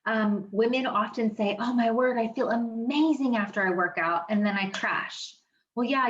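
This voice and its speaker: A chatty woman teaching a wellness seminar from home, talking emphatically and filling pauses with "um" and "you know". Her voice sits at an everyday middle pitch. The recording is a little dull and muffled. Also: fairly bright tone. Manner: chatty, emphatic, frequent fillers. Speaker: wellness educator. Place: home office.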